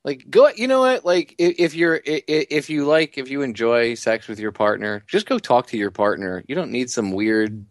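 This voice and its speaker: A man co-hosting a casual podcast, blunt and excitable, with stammering restarts. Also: mid-range voice, moderate pace, few pauses, dry recording. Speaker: co-host.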